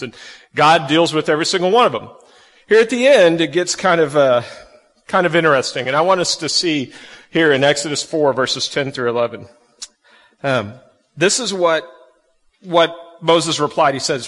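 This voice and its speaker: A man preaching a sermon to kids and families, folksy and animated, acting out the quotes he reads. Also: on the high side, moderate pace, in a large hall. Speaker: pastor.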